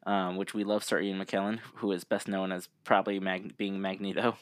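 A man's voice: sits low, little pitch movement, moderate pace, clean tone, no room sound, studio quality. A man co-hosting a podcast in casual chat, laid-back and laughing easily as he reads out trivia. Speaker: podcast co-host.

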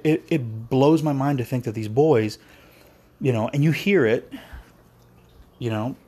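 A man's voice: mid-range voice, darkish tone, slightly rough. A man on a podcast giving a heated, profane monologue, ranting with passion. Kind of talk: impassioned monologue.

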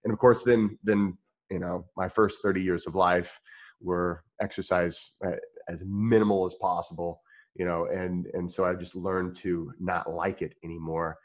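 A man's voice: low-pitched, flat delivery, normal speed. A man from Indiana with a rural Midwestern American accent, hosting a podcast interview in a rambling, easygoing way full of restarts and fillers. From Indiana, United States. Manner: rambling, many restarts and fillers, laughs easily. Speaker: podcast host. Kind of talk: casual interview chat.

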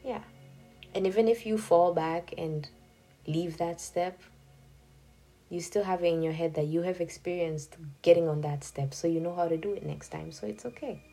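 A woman's voice: lowish voice, normal speed, vocal fry, dark tone. A young woman hosting her own podcast, talking candidly and chattily in a confessional, casual way. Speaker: podcast host. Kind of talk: casual solo podcast talk. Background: faint background music.

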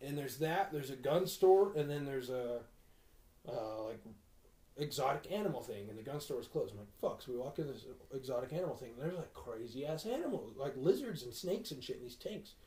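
A man's voice: medium pitch, animated, fairly quick, warm tone, echoey room. A man telling a long story in casual podcast chat, swearing and acting out what people said. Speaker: podcast host.

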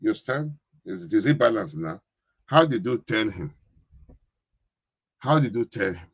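Pastor preaching, husky and repetitive. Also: male voice, lowish voice, big pitch swings, a little slow, no echo, muffled recording. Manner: repetitive, keeps asking "you understand?". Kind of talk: sermon.

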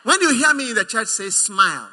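Ghanaian pastor preaching, teasing and emphatic, very high and lively voice. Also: male voice, fast talker. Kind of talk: sermon.

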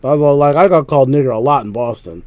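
A man from Philadelphia chats casually on a podcast, leaning into stories and breaking into laughter often. His voice sits at an average pitch, recorded close and dry with no room sound. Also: fast, a little mellow, no room sound. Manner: laughs often, storytelling, repeats "like". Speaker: podcast co-host.

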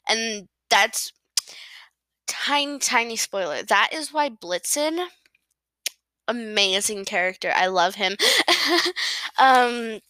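A woman's voice: medium pitch, takes it slowly, sharp tone, smooth, dry recording, low-quality recording. A woman chatting casually about a book chapter, rambling, correcting herself and giggling often. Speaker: book reviewer. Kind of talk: casual book review chat.

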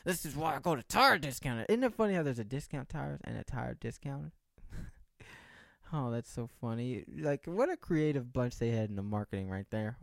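A man's voice: medium pitch, vocal fry, no room sound, clean studio sound. A young man hosting a solo podcast, chatting in a rambling, jokey way with many restarts. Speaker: podcast host. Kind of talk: casual solo chat.

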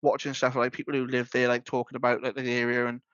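This man co-hosting a podcast talks fast in a monotone, with a medium-pitched, slightly bright voice. He rambles casually, often filling gaps and restarting sentences. It's a dry, dull, mildly lo-fi recording with no room sound.

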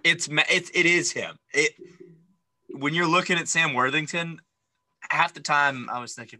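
Bright, dry-sounding podcast host. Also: male voice, on the high side, normal speed, no room sound, low-quality recording. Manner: opinionated, animated, lots of fillers. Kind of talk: casual movie recap chat.

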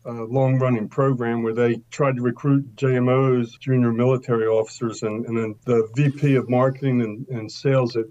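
A man in his sixties, a podcast guest, telling long stories in a relaxed interview and pausing often on uh. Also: medium pitch, dull audio. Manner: long storytelling answers, frequent uh fillers. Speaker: guest, wine importer. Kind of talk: casual interview talk.

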